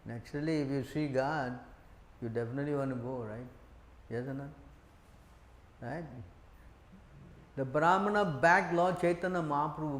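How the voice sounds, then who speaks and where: A man in a preaching voice, pitched a little high, who keeps asking his audience questions and acts out the lines he quotes. He is recorded in an echoey room. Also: a little slow, pauses often. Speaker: preacher giving a scripture class. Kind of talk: sermon.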